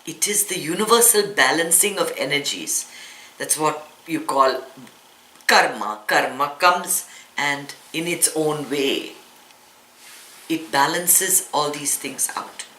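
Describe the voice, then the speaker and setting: A woman's voice: low-pitched, slow pace, pushed and bright. A woman meditation teacher giving a spiritual talk to a live audience, earnest and explaining, often asking rhetorical questions. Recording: echoey room with faint ambience.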